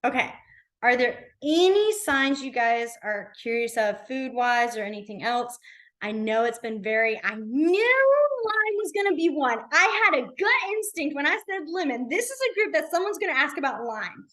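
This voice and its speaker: Her high voice is expressive and a bit bright, moving at a moderate pace. A young woman teaching beginners sign language in a library classroom, she chats casually and fills her speech with "like" and "um."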